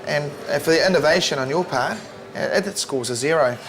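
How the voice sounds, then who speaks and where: Jokey New chef judging dishes. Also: male voice, a little high, a little fast, noisy background. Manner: jokey, upbeat critic. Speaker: chef judge and show host. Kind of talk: tasting and scoring commentary. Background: music.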